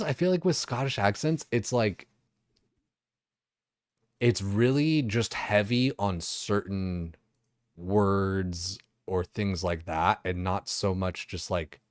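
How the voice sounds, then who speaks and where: A man's voice: deep voice, no echo, clean studio sound. A young man streaming a game, chatting casually and rambling, swearing freely and leaning on lots of fillers.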